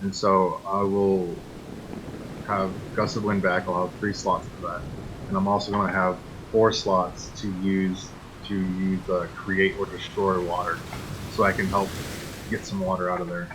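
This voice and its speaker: Man in tabletop game, very low voice, relaxed, noisy background. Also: measured pace. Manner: relaxed, explains his plans loosely. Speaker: player. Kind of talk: casual tabletop play. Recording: noticeable background noise.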